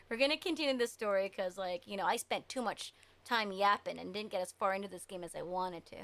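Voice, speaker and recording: A woman's voice: medium pitch, fairly quick, a bit bright. A woman streaming live, chatting casually with her viewers. She is chatty and giggly and trails off with fillers.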